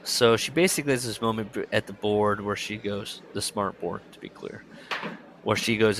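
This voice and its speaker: A man's voice: fairly low pitch, normal speed, a bit bright. A man co-hosting a book podcast, recapping the plot and reading passages aloud in a loose, joking way. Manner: swearing, laughing, acting out lines from the book. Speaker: podcast co-host.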